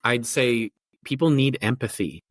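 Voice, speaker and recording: A man's voice: mid-range voice, expressive, unhurried, no room sound, studio quality. A middle-aged man, a family therapist, explaining his ideas in a podcast interview with thoughtful, rambling speech full of fillers and restarts. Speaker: family therapist and parenting coach.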